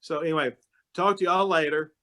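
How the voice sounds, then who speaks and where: A man's voice: a little high, fairly even intonation, fairly quick. A man, speaking to a club meeting over a video call in a folksy, storytelling way while recovering from illness. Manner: folksy, storytelling, warm-hearted address. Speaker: county judge guest speaker. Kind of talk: casual talk to a club meeting.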